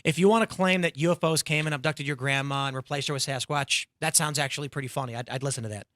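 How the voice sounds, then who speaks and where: Male panel host, sarcastic and animated, slightly higher pitch, bright forceful tone, dry close mic. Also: no room sound. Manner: animated, sarcastic, acts out quotes. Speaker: podcast host. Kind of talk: opinionated panel talk show.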